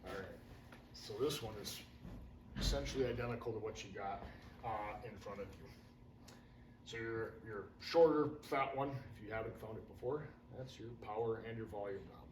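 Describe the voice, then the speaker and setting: A man leads a casual radio refresher class, folksy and prone to side stories. His voice sits on the low side and is picked up from across the room, so it sounds distant and echoey over a faint background hum. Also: brisk. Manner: casual, folksy, wanders into anecdotes. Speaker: radio trainer for firefighters. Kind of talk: hands-on training talk.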